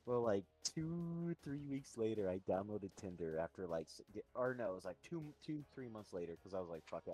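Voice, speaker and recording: A young man casually telling a long story on a podcast, rambling and swearing as he acts out other people's lines. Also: medium pitch. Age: young adult. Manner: rambling, swearing, mimics voices in quotes. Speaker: podcast co-host.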